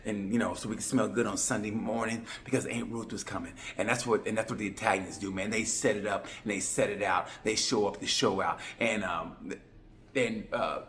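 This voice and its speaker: A man from Oklahoma with an Oklahoma accent, giving a rambling, jokey race review with sudden loud bursts. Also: lowish voice, a little hiss or hum. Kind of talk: comedic sports commentary.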